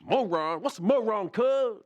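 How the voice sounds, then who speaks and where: This is a brash young street gang member with a high, pushy voice and loud slang, put on by a man telling a story. He swaggers and is always spoiling for a fight. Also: expressive, unhurried, lo-fi sound. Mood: baffled.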